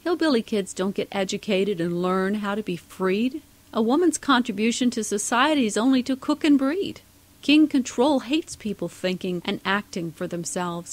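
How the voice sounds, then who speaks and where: A woman's voice: mid-range voice, moderate pace, natural voice. A woman voicing an ugly one-eyed male troll who growls bullying threats. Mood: scornful.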